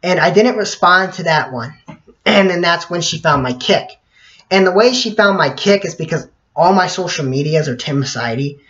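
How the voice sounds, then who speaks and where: A teenage boy telling a personal story to camera in a rambling way, with many fillers, often clearing his throat. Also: a little high, lively intonation, moderate pace, fairly bright tone. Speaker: vlogger. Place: bedroom at night. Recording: dull lo-fi audio.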